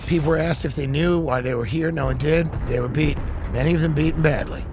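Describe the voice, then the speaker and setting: A man doing an impression of an older male politician, speaking very calmly and matter-of-factly in a lowered voice. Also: fast talker, background noise, natural voice. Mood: deadpan calm. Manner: very calm, low and matter-of-fact. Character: calm older male politician impression, flatly describing violence.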